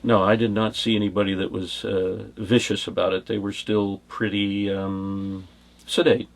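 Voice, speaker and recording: A man's voice: lowish voice, level tone, normal speed, gravelly. A middle-aged man from the United States, a former bodyguard, answering questions in a rambling, anecdotal way and chuckling through his stories. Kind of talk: casual storytelling interview.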